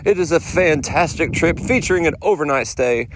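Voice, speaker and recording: Animated man telling stories. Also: fairly high pitch, normal speed, noisy background. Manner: animated, slangy, mimics people he quotes. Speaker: podcast host. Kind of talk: casual storytelling monologue.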